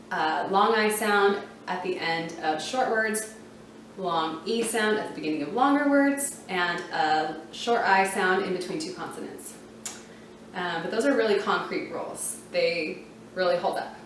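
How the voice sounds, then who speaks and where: A woman whose voice sits on the low side teaches reading rules in a casual, chatty manner, leaning on "um" and "you know" and slowly spelling letters individually. There's a little hiss or hum, and she sounds far away in a very echoey room.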